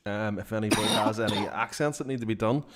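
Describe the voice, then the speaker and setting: A man's voice: fairly low pitch, fast, a bit bright, a little hiss or hum. Laid-back Northern Irish man. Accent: Northern Irish, Belfast. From Northern Ireland. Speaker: channel host. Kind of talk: casual live-stream chat.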